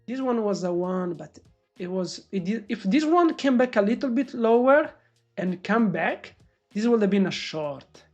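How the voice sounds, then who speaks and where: A woman day trader live-streaming her trades, talking excitably to viewers and swearing freely. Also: medium pitch, measured pace, faint music behind. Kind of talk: live-stream trading commentary.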